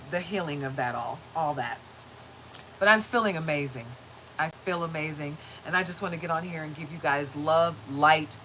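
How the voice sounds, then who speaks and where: A woman hosts a casual spiritual reading livestream, chatty and upbeat, laughing often as she thanks viewers. Her voice sits a little low but comes across bright and forceful. She keeps it friendly and conversational. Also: slight background noise, low-quality recording. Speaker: spiritual reader and livestream host.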